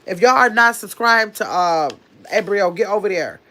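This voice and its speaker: A woman hosting a casual live stream, chatting quickly and reading viewer comments aloud as she answers them. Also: medium pitch, animated, a bit bright. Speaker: livestream host.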